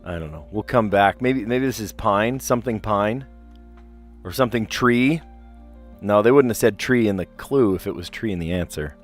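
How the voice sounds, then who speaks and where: A man streaming himself solving word puzzles, chatting casually and thinking out loud as he reads clues. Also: on the low side, normal speed, soft background music. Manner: chatty, rambling, reads clues aloud and muses over answers. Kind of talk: casual live-stream commentary, thinking aloud.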